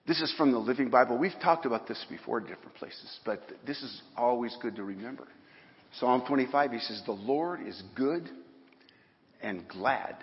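A man preaching a sermon in a folksy way, with bursts of rising emphasis. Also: medium pitch. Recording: dull sound in a hall with long reverb.

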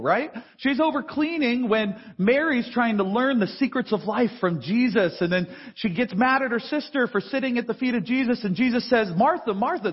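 A man's voice: very high voice, husky. A man preaching a sermon in a conversational way, acting out the voices from a Bible story. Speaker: pastor. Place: large cathedral. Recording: long church reverb, dull sound.

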